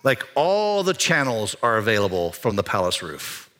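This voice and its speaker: A pastor preaching a sermon in a church, talking conversationally, climbing higher and louder for emphasis and dropping quiet for serious points. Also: male voice, sing-song, normal speed. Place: church sanctuary.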